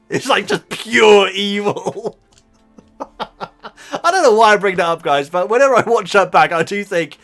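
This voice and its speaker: Man, casual book-review chat, rambling, fairly high voice, faint music behind. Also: expressive, a little slow, sharp tone. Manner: rambling, enthusiastic, laughs often. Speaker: YouTube reactor.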